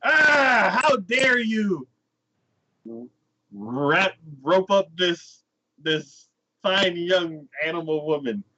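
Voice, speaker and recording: A man's voice: high voice, animated, drawn-out words, bright, forceful tone, voice pushed up, heavily acted. A man quoting an indignant brawler hero. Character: brawny anime hero who protects animals. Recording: dull lo-fi sound.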